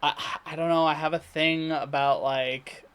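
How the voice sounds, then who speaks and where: A man talking casually in a daily video diary, rambling and halting with many fillers, restarts and throat clearing. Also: a little high, little pitch movement, fairly bright tone. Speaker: vlogger. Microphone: computer recording setup.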